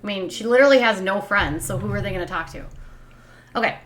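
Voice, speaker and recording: A woman's voice: medium pitch, quick pace, a bit bright, slight background noise. A woman hosting a livestream, chatting casually through celebrity gossip in a giddy way, with many fillers and asides.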